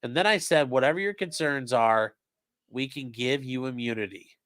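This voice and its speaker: A man's voice: medium pitch, moderate pace, clear, resonant tone, no echo, clean studio sound. A man with a casual, profane manner, reading a court transcript aloud on a live stream and commenting on it. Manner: profane, animated, reads quotes in shifting voices.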